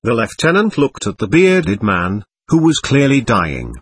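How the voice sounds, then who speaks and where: A man narrating an audiobook in the first person, measured and vivid. His voice is husky and moves lively through its pitch, recorded dry and close to the mic. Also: no echo.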